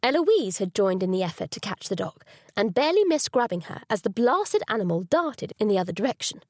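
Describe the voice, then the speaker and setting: A woman reading a cozy mystery audiobook as narrator, with expressive storytelling on a close studio mic. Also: mid-range voice, a little fast, no room sound. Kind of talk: scripted narration.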